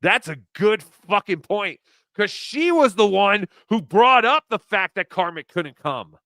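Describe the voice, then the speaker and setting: Male host, chatty and rambling, slightly high voice, smooth delivery. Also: measured pace, dry recording, studio quality. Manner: rambling, animated, swears freely. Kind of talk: casual live-stream chat, reading tips.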